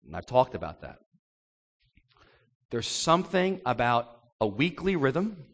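A male pastor delivers an animated sermon and acts out voices as he goes. His pitch swings widely from phrase to phrase, and long reverb hangs behind his words.

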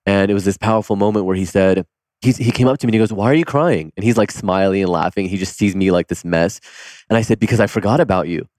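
Chatty low-voiced man who laughs easily. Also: fairly even intonation, fast, darkish tone, no room sound. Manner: open, laughs often, storytelling. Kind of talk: casual chat.

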